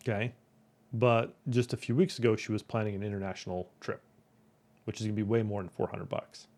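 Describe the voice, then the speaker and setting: A man's voice: fairly low pitch, fairly even intonation, brisk, darkish tone. Chatty man who keeps asking "right?". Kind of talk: casual storytelling talk.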